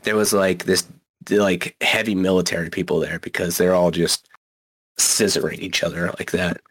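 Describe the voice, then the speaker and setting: A man's voice: deep voice, little pitch movement, normal speed, fairly bright tone. A man in his thirties co-hosting a podcast, telling rambling stories in casual chat with lots of swearing and filler words. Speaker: podcast co-host.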